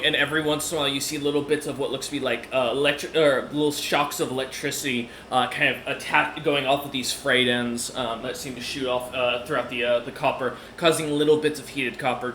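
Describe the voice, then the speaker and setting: A man's voice: medium pitch, pushed and bright, echoey room, a little hiss or hum. A man narrating as game master of a tabletop game, rambling with many fillers and restarts.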